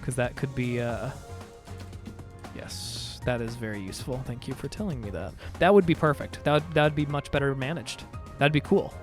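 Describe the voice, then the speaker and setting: A man's voice: mid-range voice, a little fast, few pauses. A man streaming a game, chatting casually and joking with his viewers. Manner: playful, jokey, chatty with viewers. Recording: faint music behind.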